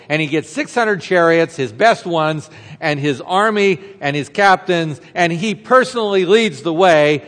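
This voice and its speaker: High-voiced male preacher in a reverberant hall. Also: animated, a little slow, a bit bright. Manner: conversational storytelling with rhetorical questions. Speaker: pastor. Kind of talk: sermon.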